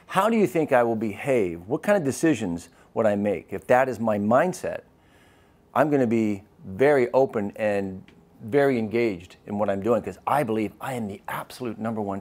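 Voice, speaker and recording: Man giving a lively lecture. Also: lowish voice, normal speed. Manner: engaging, asks the audience questions. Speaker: physician giving a talk. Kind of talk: live lecture.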